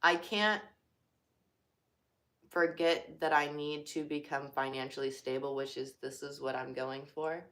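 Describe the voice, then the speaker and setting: A woman's voice: deep voice, fairly even intonation, unhurried, a bit bright. A young woman who works as a cashier talking casually and from the heart, full of "like" and "you know" fillers. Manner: chatty, filler-heavy, heartfelt. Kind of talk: casual personal talk.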